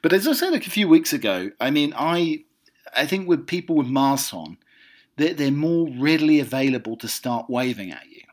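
A man's voice: fairly high pitch, lively intonation, moderate pace, darkish tone. A middle-aged man chatting casually and wryly, rambling through his thoughts and reading out a list. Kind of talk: casual chat.

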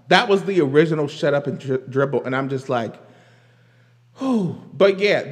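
A man with a high, very lively voice talks casually to his audience. He is animated, often breaks into laughter and drifts into rambling asides. A long reverb hangs on his voice. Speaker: commentary vlogger. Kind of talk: casual pop-culture commentary.

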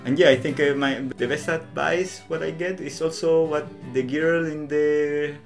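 A young man with a Latin American Spanish accent, his voice sitting a little high, chats in English as a guest. He hesitates and restarts a lot, then slips into quick acted-out snippets of dialogue. Guitar music plays softly behind him. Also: steady tone, vocal fry. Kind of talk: casual conversation.

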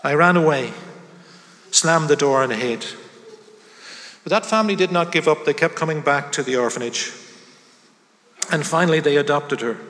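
A man preaching a sermon, telling a story dramatically and shifting between loud passages and hushed ones. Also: on the high side. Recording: long hall reverb.

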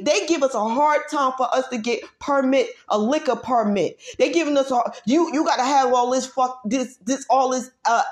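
A woman vlogger in a heated, profane rant who drives her points home by repeating herself and swings between loud outbursts and low muttering. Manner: profane, emphatic, repeats phrases for force. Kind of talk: heated ranting monologue.

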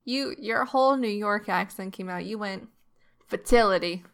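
A young woman co-hosting a casual podcast, bubbly and quick to tease her friend. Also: mid-range voice, fairly bright tone, clear, resonant tone. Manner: bubbly, teasing. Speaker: podcast co-host. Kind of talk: casual chat.

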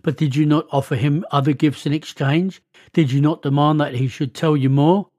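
A man's voice: on the high side, fairly even intonation, normal speed, dark tone, no echo, studio quality, lightly acted. A man voicing an impatient, mighty male thunder god in a read-aloud myth.

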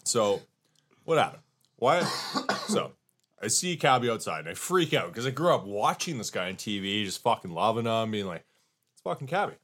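A man's voice: fairly low pitch, moderate pace. A man co-hosting a casual podcast, telling stories with lots of swearing and mimicked voices. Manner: profane, animated storyteller, mimics people. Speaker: podcast co-host. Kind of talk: casual chat.

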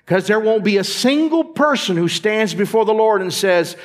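A man preaches in a church with a voice that sits a bit higher than most men's. He speaks straight to the congregation and keeps asking them to answer him. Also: lively intonation, normal speed, few pauses. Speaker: pastor. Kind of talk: sermon. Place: church sanctuary.

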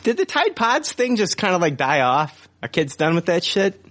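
A man's voice: high voice, big pitch swings, moderate pace, fairly bright tone. A man in his forties hosting a podcast in casual chat, rambling with many fillers and frequent swearing. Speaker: podcast host.

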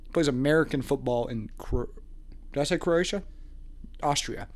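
A man's voice: mid-range voice, normal speed. A man co-hosting a casual chat, joking and laughing as he rants about a dating show. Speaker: podcast co-host.

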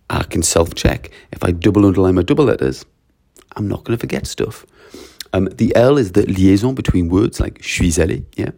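Low, gravelly Geordie teacher. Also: male voice, darkish tone. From North East England. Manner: emphatic, runs through lists in a brisk, repetitive way. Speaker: language teacher. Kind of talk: casual explanatory monologue.

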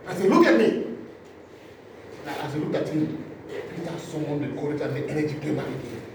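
A male preacher, delivering an impassioned sermon, acting out scenes and swinging from loud cries to low asides. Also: fast. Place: church hall. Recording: echoey hall, distant mic, noisy.

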